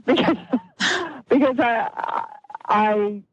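Woman telling a lively story, muffled. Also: medium pitch, takes it slowly, long pauses, no room sound. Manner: animated storytelling, acts out quoted voices. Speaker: guest healer. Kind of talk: storytelling in an interview.

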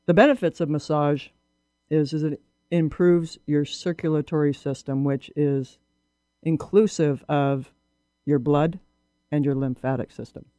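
Mellow man explaining massage benefits. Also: fairly high pitch, steady tone, unhurried, no room sound. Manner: explains step by step, asks guiding questions. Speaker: massage therapist guest. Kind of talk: casual explanatory chat. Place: radio studio.

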